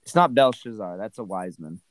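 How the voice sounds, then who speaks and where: A man's voice: fairly low pitch, animated, a little fast, crowd noise, low-quality recording. A man casually discussing a Bible passage as a podcast co-host, rambling with many "right?" and "you know" asides.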